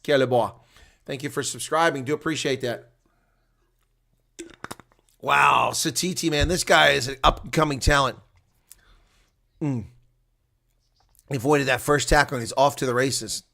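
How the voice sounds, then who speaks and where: Excitable man doing live rugby commentary. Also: mid-range voice, a little slow, gravelly, pauses often. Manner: chatty, excitable, jumps to loud outbursts then mutters asides. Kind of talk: solo play-by-play and color commentary.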